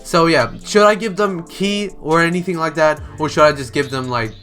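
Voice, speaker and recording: A man's voice: fairly high pitch, moderate pace, a bit bright, soft background music. A man telling an improvised fan story in a chatty, rambling way, full of "like" and "um". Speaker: storyteller, channel host.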